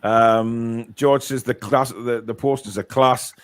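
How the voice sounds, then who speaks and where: A man's voice: mid-range voice, fairly even intonation, slow, dry recording. A man hosting a casual live stream, reading viewer comments aloud with lots of fillers. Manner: chatty, reads viewer comments, many fillers. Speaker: host.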